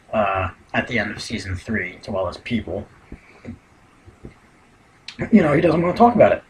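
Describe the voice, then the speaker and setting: A man's voice: medium pitch, fairly bright tone, a little hiss or hum, poor audio. A man giving a casual spoken recap of a TV episode, rambling and leaning heavily on "you know" fillers. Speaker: TV episode reviewer.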